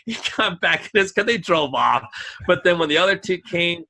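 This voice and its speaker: A man telling a long story in casual talk on a podcast, rambling and animated, acting out other people's lines. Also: high voice, a little fast, creaky, background noise. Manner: rambling, animated, acts out voices in quotes. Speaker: podcast host.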